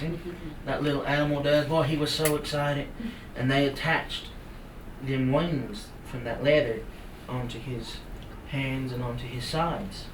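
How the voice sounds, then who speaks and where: A man from the Cherokee Nation telling a traditional story to a live audience in a folksy, animated way with playful sound effects. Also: medium pitch, a little slow. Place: live salon event. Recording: roomy hall from far off. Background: audience laughter and room noise.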